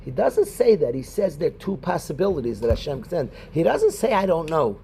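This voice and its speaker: A rabbi teaching a Talmud class in a conversational way, quoting Hebrew and Aramaic and calling on students by name. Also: male voice, a little high, very animated, brisk, gravelly, dark tone, a little hiss or hum.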